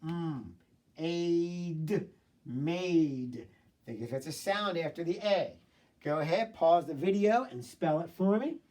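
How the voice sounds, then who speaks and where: A man teaching a recorded phonics lesson to children, prompting them, praising answers and sounding out words slowly. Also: on the high side, expressive, a little mellow, distant mic.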